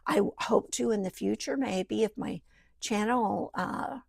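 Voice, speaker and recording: A woman talks through her craft project at home, wandering from thought to thought and sometimes dropping to a near-whisper. Her voice has a gravelly, creaky edge, and the sound is close and dry with no room echo. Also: medium pitch, measured pace. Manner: rambling, thinks aloud, drifts into soft murmurs. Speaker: journal maker. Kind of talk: casual craft walkthrough. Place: home craft table beside a sewing machine.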